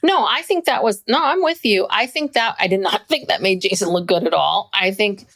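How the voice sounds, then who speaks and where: A woman's voice: mid-range voice, moderate pace, fairly bright tone. A woman co-hosting a podcast, discussing a documentary in a thoughtful, chatty way with hesitant fillers. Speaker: podcast co-host. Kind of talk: casual chat about a documentary.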